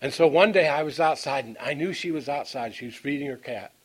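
A man preaching a Bible-teaching sermon. He reads scripture slowly and deliberately, then breaks into folksy stories, often halting and repeating words as he goes. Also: mid-range voice, slightly rough. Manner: folksy, storytelling asides; halting, repeats words while finding them.

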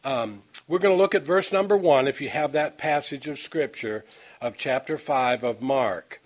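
A man preaching a Bible-teaching sermon. He reads scripture slowly and deliberately, then breaks into folksy stories, often halting and repeating words as he goes. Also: mid-range voice. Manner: folksy, storytelling asides; halting, repeats words while finding them.

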